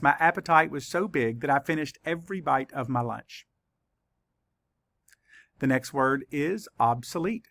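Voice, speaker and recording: A man teaching a spelling lesson to children, spelling words out letter by letter in a patient, deliberate way. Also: a little high, pushed and bright, dry recording.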